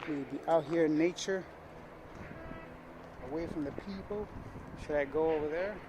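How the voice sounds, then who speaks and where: Chatty high-voiced man vlogging outdoors. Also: moderate pace. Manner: chatty, self-mocking, talks to camera. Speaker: travel vlogger. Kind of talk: casual vlog narration. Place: outdoors on rocky hills above a city. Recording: outdoor mic with wind and street noise. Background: traffic, car horns and dogs outdoors.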